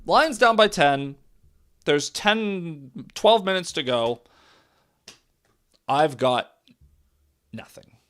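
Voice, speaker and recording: A man's voice: fairly high pitch, expressive, very slow, pauses often, slight background noise. A man doing live reaction commentary on a football game, calling plays and reacting with exasperation. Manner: exasperated, frequently shouts and laughs in disbelief.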